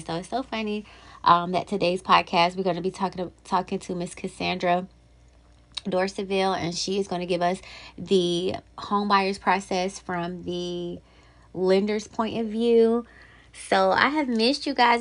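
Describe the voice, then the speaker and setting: A woman's voice: mid-range voice, a bit bright. Woman doing a casual solo podcast, chatty upbeat host talking to her listeners.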